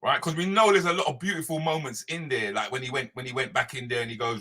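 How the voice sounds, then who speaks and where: Animated man, bright voice. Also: medium pitch, quick pace, few pauses. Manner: animated, loose, slangy, talks straight to viewers by name. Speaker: comedian hosting a live show. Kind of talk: live-stream chat greeting viewers.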